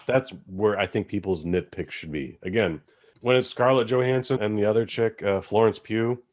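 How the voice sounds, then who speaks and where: A young adult man hosting a podcast, chatting casually about movies in a rambling, animated way with casual swearing. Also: lowish voice, normal speed. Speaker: podcast host. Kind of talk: casual movie-review chat.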